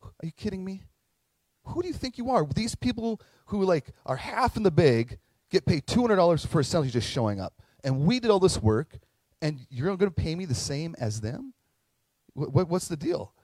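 A man voicing an indignant male worker who complains loudly in a higher voice. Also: very animated, moderate pace, no room sound. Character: indignant male day laborer, feels cheated.

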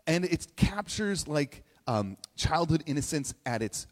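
A man telling a personal story in a sermon, chatty and animated, acting out quotes in playful voices. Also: fairly high pitch, unhurried. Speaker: speaker giving a message to a congregation. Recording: long hall reverb.

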